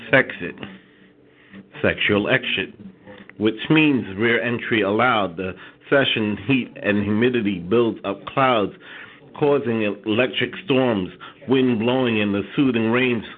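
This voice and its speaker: Man performing spoken word over a phone line. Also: fairly low pitch. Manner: rhythmic, wordplay-heavy delivery. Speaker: caller performing poetry.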